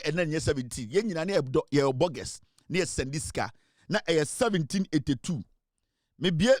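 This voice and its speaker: Teasing Ghanaian man, high-pitched, dry sound. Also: no echo. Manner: teasing, repetitive rhetorical questions; mixes English with Twi. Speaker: show host. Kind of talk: casual monologue.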